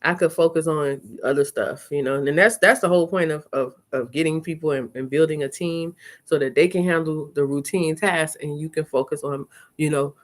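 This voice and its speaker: Chatty woman vlogger, lowish voice. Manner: chatty, animated storytelling with laughs. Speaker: content creator. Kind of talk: casual live-stream chat.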